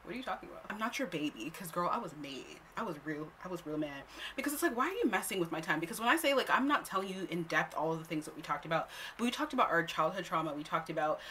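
A young woman telling a story on her own vlog in a casual, animated way, blunt and quick to swear. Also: lowish voice, slight background noise. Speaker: storytime host.

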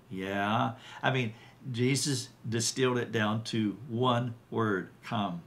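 A man giving an earnest Bible teaching, quoting scripture with emphasis and pausing to restart his sentences. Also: fairly low pitch.

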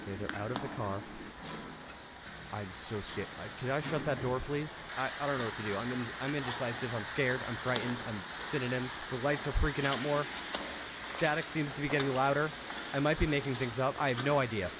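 In his bedroom at home, a young gaming YouTuber gives commentary while playing a horror game. He's jumpy and pokes fun at himself, screaming suddenly at the scares. His medium-pitched voice runs a little fast, and the recording is very noisy.

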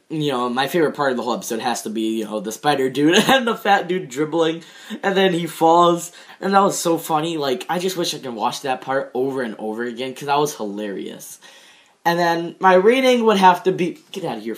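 Young male reviewer, slightly high voice, rambling casual delivery with lots of fillers. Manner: rambling, many fillers and restarts, laughs at own jokes. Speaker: show reviewer.

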